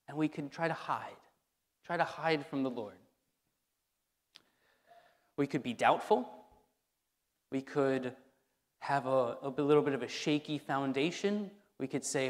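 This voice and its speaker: A man's voice: medium pitch, a little slow, long pauses. A man preaching a sermon as pastor, speaking conversationally and repeating key phrases for emphasis. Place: church sanctuary. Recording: long hall reverb in a church.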